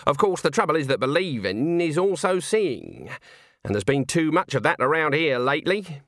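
A man voices a stern old witch woman, sharp and commanding, in a performance pitched above his own voice. The delivery is fairly high, very animated and at normal speed, recorded dry with studio quality.

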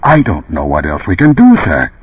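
A man's voice: deep voice, huge pitch swings, moderate pace, husky, no echo, voice pushed down, exaggerated voice. A man voicing a nervous, fussy male lab technician who mumbles apologetically. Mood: worried. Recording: tinny phone-like lo-fi sound.

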